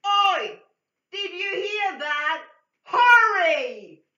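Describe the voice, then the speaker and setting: A woman voicing a pushy, abusive heckler who shouts and sneers, on a dull lo-fi recording. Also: fairly high pitch, expressive, takes it slowly, pitched above the performer's own voice, heavily acted. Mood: yelling. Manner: shouting, rude and scornful.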